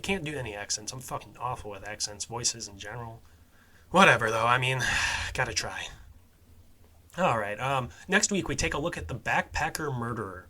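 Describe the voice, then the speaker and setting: A male podcast host with a bright, forceful tone and a mid-range voice. He talks loosely and profanely, peppering his wrap-up with fillers, and lets phrase endings sink to a mutter. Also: mid-range voice, normal speed. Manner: casual and profane, with fillers, trailing off quietly at phrase ends. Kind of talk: casual podcast narration.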